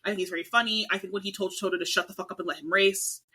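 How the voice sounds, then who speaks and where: A woman's voice: medium pitch, steady tone, racing, sharp tone, husky, poor audio. A young adult woman co-hosting a casual podcast chat, ranting animatedly with mock outrage. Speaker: podcast co-host.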